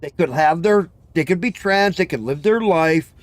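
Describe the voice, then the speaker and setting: A man's voice: a little high, normal speed, no room sound. A man hosting a livestream chat, ranting bluntly and repetitively with profanity. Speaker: livestream host. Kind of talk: heated open chat.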